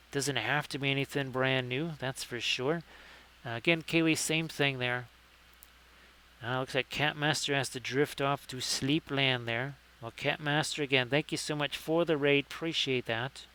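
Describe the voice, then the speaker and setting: A man's voice: mid-range voice, steady tone, normal speed, bright, forceful tone. A man hosting a casual live painting stream, chatty and jokey with lots of fillers as he greets viewers.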